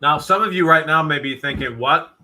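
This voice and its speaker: A man's voice: fairly high pitch, brisk, bright, forceful tone, slight background noise, low-quality recording. A middle-aged man hosting a live online auction stream, joking and reading viewer comments aloud. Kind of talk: casual live-stream chat.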